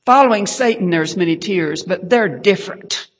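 A woman preaching an emotional testimony, fervent and repeating hallelujah, sometimes dropping to a hush. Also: on the low side, normal speed, husky. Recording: long hall reverb.

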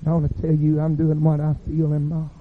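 A man preaching a revival sermon, telling dramatic stories that build to shouting. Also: on the high side, monotone, fast. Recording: tinny phone-like sound.

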